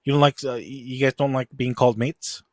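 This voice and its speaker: A man's voice: mid-range voice, fairly even intonation, brisk, dry recording, studio quality. A man hosting a podcast in casual chat, laid-back, laughing often and reading out viewer comments. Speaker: podcast host.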